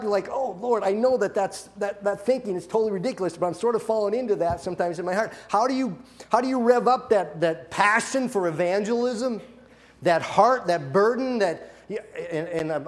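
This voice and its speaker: A man preaching a sermon, animated, acting out quoted voices and often restarting his sentences. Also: sits high. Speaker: pastor.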